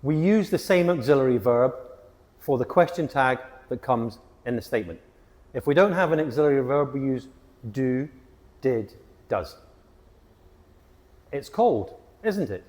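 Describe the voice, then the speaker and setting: A man teaching an English grammar lesson, with a clear and emphatic delivery. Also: medium pitch, expressive, a little slow, pauses often, darkish tone, in a large hall. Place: hot location.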